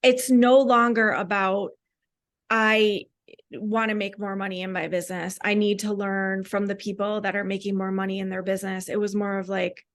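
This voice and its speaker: Woman guest, open and reflective, casual chatty delivery, middle-pitched voice. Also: level tone, normal speed. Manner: candid, reflective, many "like" fillers. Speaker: podcast guest. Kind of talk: casual conversational interview.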